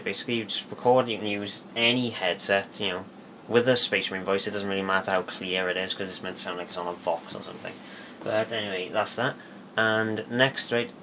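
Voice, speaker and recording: A man giving a casual spoken tutorial, rambling and halting with many fillers and restarts. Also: on the low side, pushed and bright, slight background noise. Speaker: video tutorial maker.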